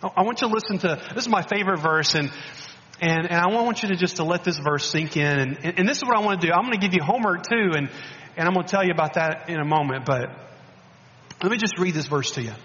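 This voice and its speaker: Male guest preacher, animated sermon, high voice, reverberant hall, muffled recording. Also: fast, slight background noise. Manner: animated, repeats words and restarts, coaxing the congregation.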